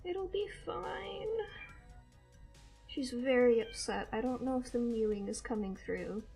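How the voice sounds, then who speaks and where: A woman with a fairly high, warm voice speaks at a normal speed with fairly even intonation while soft music plays in the background. She is hosting a casual art livestream, chatting as she draws and firmly scolding a kitten between remarks.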